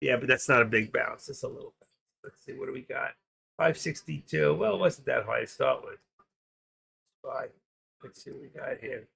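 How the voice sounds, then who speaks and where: A man's voice: medium pitch, moderate pace, creaky, long pauses, sharp tone, breathy edge. A man with a New York accent from Queens hosting a trading livestream, rambling and joking as he thinks aloud. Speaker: stock trading livestream host. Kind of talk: casual livestream chat.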